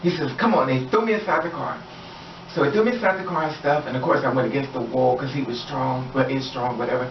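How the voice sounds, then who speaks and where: A man's voice: medium pitch, quick pace. A man in an emotional personal storytime, rambling and circling back to repeat himself. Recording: echoey, distant, muffled mic with faint hiss.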